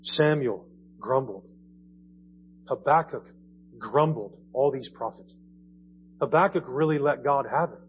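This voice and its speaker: In a church, a pastor with a mid-range voice preaches a conversational sermon at normal speed, pausing often. He repeats phrases and builds in emphasis, on dull audio with a faint hum.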